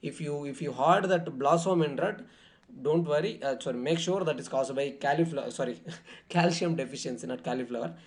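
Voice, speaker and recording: A man's voice: fairly high pitch, fairly quick. A man going through exam questions in a lecture, with many fillers and frequent self-corrections. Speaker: exam tutor.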